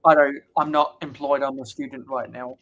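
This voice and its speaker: A man's voice: medium pitch, little pitch movement, normal speed, a bit bright, dull audio. A young man hosting a livestream, answering chat questions in a casual, chatty way. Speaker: livestream host.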